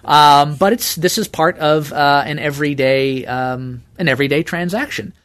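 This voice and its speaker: A man, an archivist, explaining in an interview with a careful, measured manner. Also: a little high, fairly bright tone.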